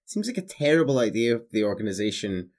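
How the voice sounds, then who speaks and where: A man's voice: on the low side, sing-song, quick pace, a little mellow. A man chatting on a casual podcast, asking wry, thoughtful questions about the story. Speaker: podcast guest. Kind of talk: casual chat.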